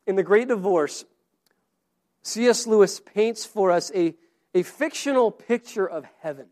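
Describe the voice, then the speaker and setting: Man, pastor, sermon, high-pitched, earnest, repeats words. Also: a little slow, darkish tone.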